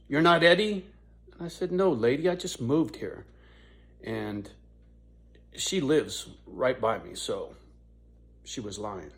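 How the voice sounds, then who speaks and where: A man in his fifties telling a story to his viewers in a casual, rambling, profane way. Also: mid-range voice. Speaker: YouTuber.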